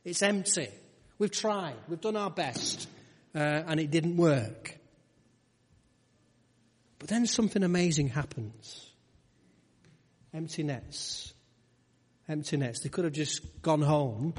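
A pastor preaches in a relaxed, conversational style, throwing rhetorical questions at his listeners. His slightly rough voice is a little high for a man, and he speaks slowly, pausing often, with a long hall reverb around the sound.

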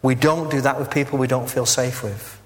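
A man's voice: medium pitch, fairly even intonation, normal speed, a bit bright, big-room sound. A man preaching a conversational sermon as minister, earnest and candid, with frequent filler words. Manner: earnest and candid, with many "uh" and "you know" fillers. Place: church.

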